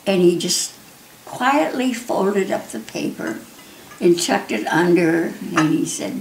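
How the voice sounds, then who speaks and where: An older woman telling a personal story, lively and often laughing, with many restarts. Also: on the low side, slow pace, vocal fry, slight background noise. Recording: roomy echo, faint ambience.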